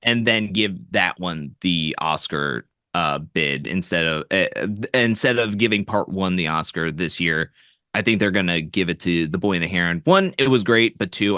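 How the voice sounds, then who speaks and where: A man in casual podcast chat, animated and laughing often as he talks about movies. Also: deep voice, smooth, no room sound, clean studio sound. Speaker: podcast co-host.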